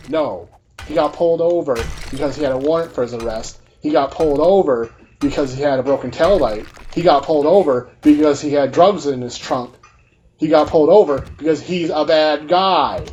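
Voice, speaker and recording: A man's voice: on the high side, moderate pace, darkish tone, slight background noise. A man giving a combative, profanity-heavy ranting commentary over gameplay, full of mocking rhetorical questions. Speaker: gaming video creator.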